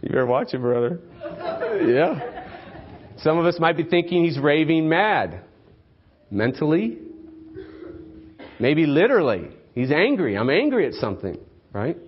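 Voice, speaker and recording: Male pastor, mid-pitched, chatty sermon delivery full of rhetorical questions, on a slightly dull recording.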